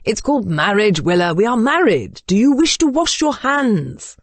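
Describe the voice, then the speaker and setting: A woman voicing a gruff young male duke with a grumbly, curt and disdainful manner, in an audiobook. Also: medium pitch, very animated, normal speed, no echo, voice pushed up. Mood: commanding.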